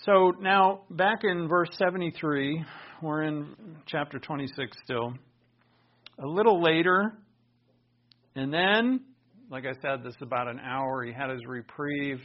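Male pastor mid-sermon, earnest delivery punctuated by loud emphatic swells; somewhat high voice, muffled lo-fi recording. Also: a little slow. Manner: earnest preaching with sudden loud emphatic bursts.

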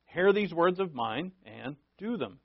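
A man preaching a sermon, telling stories with animated acted-out quotes and laughing at himself. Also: on the high side, a little slow, gravelly, no room sound. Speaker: pastor. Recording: dull, dry lo-fi recording.

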